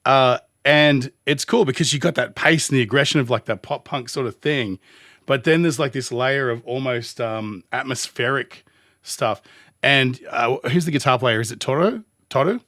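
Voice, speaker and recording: An Australian man, a music producer, giving casual commentary as he reacts to a song, thinking aloud and rambling as he pauses the track. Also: mid-range voice, sharp tone, no room sound, studio quality.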